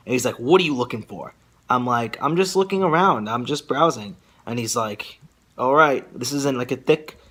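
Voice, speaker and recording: A young man telling a casual vlog story, rambling and filler-heavy, with animated asides. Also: mid-range voice. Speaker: vlogger.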